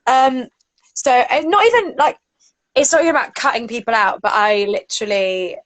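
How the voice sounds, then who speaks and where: A chatty woman in her thirties with a high voice, co-hosting a casual talk show. She rambles, laughs and swears freely. Her voice is recorded close and dry, with no room sound. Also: moderate pace, a bit bright, no room sound, rough recording. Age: 30s. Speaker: podcast co-host. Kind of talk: casual chat.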